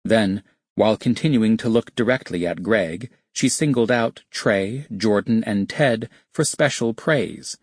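A man narrates nonfiction in a measured, even storytelling manner. His voice is low with a husky edge. The recording is dry and close, with no room sound. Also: no echo. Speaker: audiobook narrator. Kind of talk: scripted narration.

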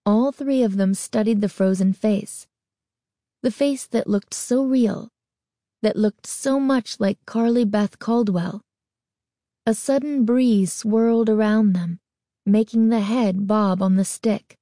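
A woman reads a spooky story aloud at a slow, measured pace. Her tone is mellow and dark. The recording is close and dry. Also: mid-range voice, dry recording. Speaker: narrator. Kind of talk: scripted horror story narration.

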